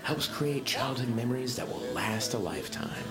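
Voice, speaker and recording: A man's voice: mid-range voice, expressive, normal speed, natural voice. A man voicing an earnest announcer in a mock public service ad. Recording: voice-over with loud music behind.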